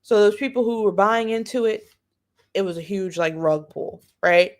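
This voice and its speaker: A woman's voice: medium pitch, moderate pace, darkish tone. A woman hosting a livestream and giving blunt, profane, sarcastic political commentary, repeating phrases for emphasis. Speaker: livestream host.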